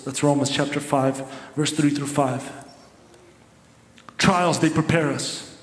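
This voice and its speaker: High-voiced male preacher in an echoey hall. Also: steady tone, slow, long pauses. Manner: emphatic, repetitive preaching. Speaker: pastor. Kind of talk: sermon. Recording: echoey hall with long reverb.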